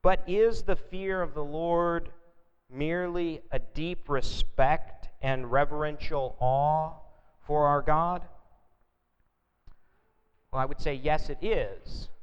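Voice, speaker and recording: Guy preaching a sermon in church, high smooth voice, earnest, kinda muffled and echoey. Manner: earnest, repeats words while thinking. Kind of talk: evening sermon. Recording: reverberant hall, dull lo-fi sound.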